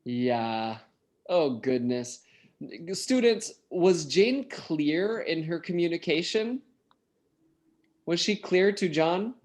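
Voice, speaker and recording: A man teaching an English class online, slowly asking students questions and encouraging them to answer. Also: fairly high pitch, lively intonation.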